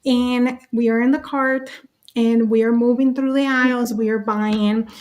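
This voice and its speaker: A woman with a fairly high voice tells personal stories with real animation, acting out each voice as she goes. She speaks as a panelist over a video call. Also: measured pace. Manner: lively, acts out voices in her stories. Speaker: summit panelist, parent.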